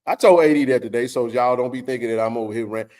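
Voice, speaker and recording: A man's voice: mid-range voice, fast talker, darkish tone. A man hosting a sports talk stream from a home setup. He rants in a heated, blunt way and swears often, in a casual conversational tone.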